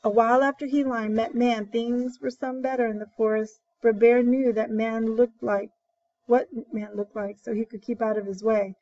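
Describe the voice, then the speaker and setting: A woman's voice: a little high, normal speed, highs cut off. Woman reading a folk tale aloud. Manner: steady expressive read-aloud.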